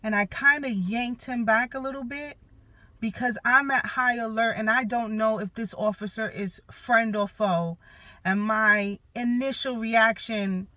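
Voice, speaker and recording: A woman's voice: fairly high pitch, fairly even intonation, measured pace, pushed and bright, dry recording. Candid, emphatic woman telling a story. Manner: candid, emphatic, blunt with occasional profanity. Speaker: podcast host. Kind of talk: personal storytelling monologue.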